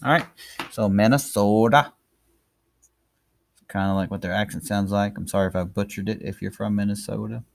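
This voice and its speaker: Gravelly man teaching cursive letters. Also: lowish voice, flat delivery, fast. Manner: chatty, encouraging, talks while writing. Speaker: handwriting teacher. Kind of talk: casual tutorial narration.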